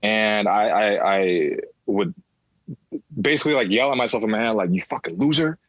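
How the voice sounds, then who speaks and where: A man's voice: lowish voice, animated, normal speed, fairly bright tone, dry recording, highs cut off. A man in his thirties, a podcast guest, telling his personal story candidly, swearing freely and acting out voices of people in it.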